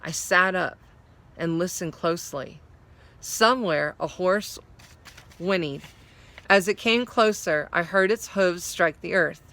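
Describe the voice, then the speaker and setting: A woman reads a story aloud in a bright, forceful voice, pitched a little low. She pauses now and then to explain a word. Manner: explains hard words while reading. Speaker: story reader.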